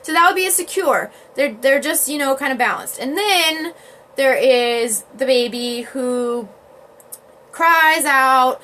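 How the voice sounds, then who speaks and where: A woman with a slightly high voice chats casually to a live stream audience, laughing often between thoughts. She fills her talk with "like" and "you know," and slips into lively quoted voices now and then. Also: takes it slowly, slight background noise. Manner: chatty, laughs often, many "like" fillers; acts out quoted parents and babies in lively voices. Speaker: livestream host. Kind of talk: casual livestream talk to viewers.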